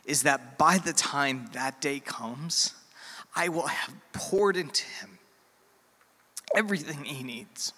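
A middle-aged man preaching a sermon as a pastor, earnest and heartfelt, with pauses and fillers. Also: fairly high pitch, bright, forceful tone, husky. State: emotional, near tears. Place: church sanctuary. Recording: church hall with long reverb.

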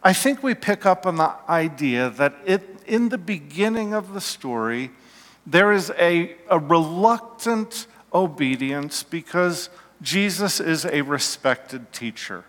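A man preaching a sermon slowly and emphatically, his voice falling to a hush at key points, in a church. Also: fairly high pitch, animated. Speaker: pastor. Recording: long reverb of a hall.

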